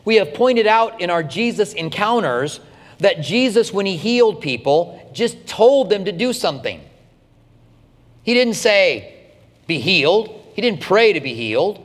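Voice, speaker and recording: A man's voice: high-pitched, very animated, a little slow, in a large hall. A male pastor giving a conversational radio Bible teaching, with frequent restarts and asides.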